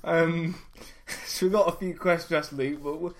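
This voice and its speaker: A man's voice: fairly high pitch, fairly even intonation, a little slow, a little hiss or hum. A man hosting a podcast in casual chat, laughing often and restarting his sentences. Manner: giggly, bursts into laughs, stammering restarts. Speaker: podcast host.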